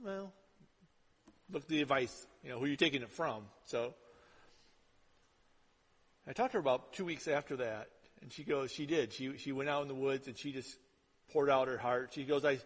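A male pastor preaching a sermon in a conversational way, dropping to hushed asides and rising to loud emphatic lines. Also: a little high, normal speed. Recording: long hall reverb.

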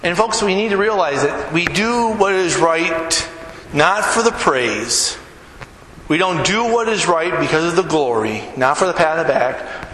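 Man, pastor, sermon, animated storytelling, high voice, very echoey hall, faint room noise. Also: measured pace. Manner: animated storyteller who acts out quotes.

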